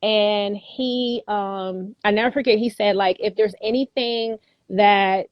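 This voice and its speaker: A middle-aged woman from Philadelphia with a Philadelphia accent, a guest telling stories in a casual interview, animated and often laughing. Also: mid-range voice, slow pace, dry recording, muffled recording. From Philadelphia, USA. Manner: animated, quotes people in lively voices, laughs often. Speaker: guest educator.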